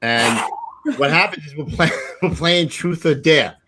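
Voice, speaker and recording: A man hosting a podcast, telling a party story in lively casual chat, often laughing. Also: on the high side, a little slow. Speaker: podcast host, retired firefighter. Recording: noisy podcast audio.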